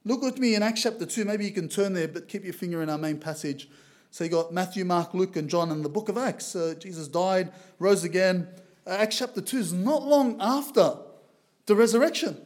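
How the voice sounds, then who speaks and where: A man from Lebanon preaching a sermon as a visiting preacher, reading scripture aloud in a loud, earnest way. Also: high-pitched, a little fast. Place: church.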